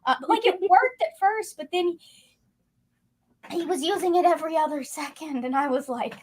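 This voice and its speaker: A woman co-hosting a casual livestream, animated and laughing as she tells stories about books. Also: very high voice, moderate pace. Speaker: co-host.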